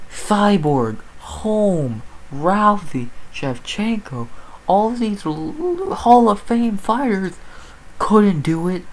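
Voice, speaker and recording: A woman giving a profane, exasperated rant about a fight result, talking with loud disbelief and constant swearing. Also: mid-range voice, poor audio. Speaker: MMA commentator. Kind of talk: sports recap rant.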